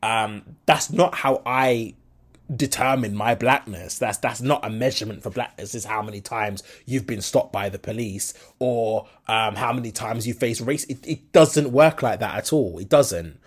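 A man's voice: medium pitch, moderate pace, breathy edge. A young man from the Midlands, switching between a Birmingham and a London accent, talking frankly in a rambling solo podcast monologue full of fillers and restarts. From English Midlands. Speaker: podcast host.

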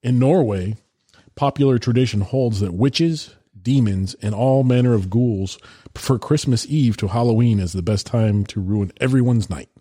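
A man with a husky, mellow, lowish voice reads odd holiday traditions aloud and laughs as he goes. He sounds dry and close to the mic. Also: moderate pace, no echo. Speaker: podcast co-host. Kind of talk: reading trivia aloud in casual chat.

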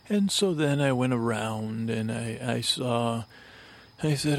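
A man hosting a podcast, telling an improvised bedtime story in a halting, rambling way full of fillers and restarts. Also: medium pitch. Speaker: podcast host.

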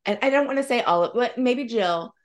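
A woman's voice: a little high, expressive, fairly quick. A middle-aged woman in casual chat, recapping events, quoting others and teasing dryly. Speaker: podcast co-host.

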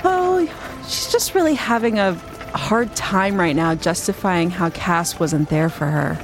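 A woman narrating a tabletop game as game master, in a calm storytelling manner. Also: on the low side, measured pace, over music.

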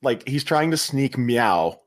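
A male podcast host in casual chat, retelling scenes with a lively, swinging pitch. His voice sits in a middling register, and he talks in an animated way, jumping into quoted lines as he goes. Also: takes it slowly. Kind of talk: casual chat recapping a film.

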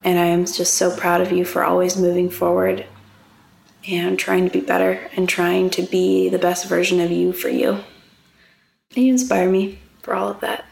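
A woman podcast host speaking in a warm, measured, affirming way during a casual, heartfelt conversation. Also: on the low side, level tone, creaky.

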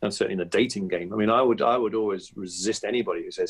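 Man, low voice, husky, interview guest, chatty anecdotes, restarts. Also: rapid-fire. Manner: anecdotal, animated, frequent restarts. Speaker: comedian and impressionist guest. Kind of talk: conversational interview.

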